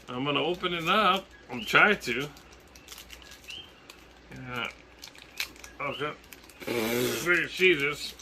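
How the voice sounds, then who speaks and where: A man from Hawaii with a Hawaiian accent, vlogging casually in a jokey, excitable way, swearing and laughing as he talks. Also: fairly high pitch, takes it slowly, long pauses, a little hiss or hum. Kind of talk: casual vlog.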